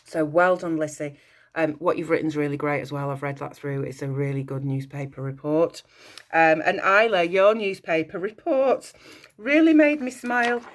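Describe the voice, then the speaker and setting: A woman's voice: sits low, fairly even intonation, moderate pace. A woman teacher leading a school assembly, encouraging and praising pupils' work, slipping in short French phrases. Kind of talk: recorded school assembly address.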